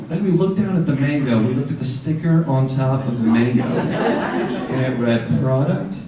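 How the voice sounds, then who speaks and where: A man's voice: medium pitch, normal speed, far from the mic. A young man from the United States performing a stand-up comedy set, acting out both sides of his stories. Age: young adult. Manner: animated, acts out both sides of dialogues. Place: live comedy stage in a venue. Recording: roomy live venue, heard from afar, faint crowd.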